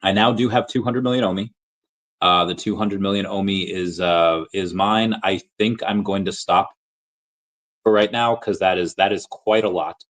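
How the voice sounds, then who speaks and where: A man's voice: low voice, steady tone, normal speed, a bit bright. A man hosting a podcast, rambling through a casual market update, often correcting himself mid-sentence. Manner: rambling, self-correcting, upbeat. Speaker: podcast host.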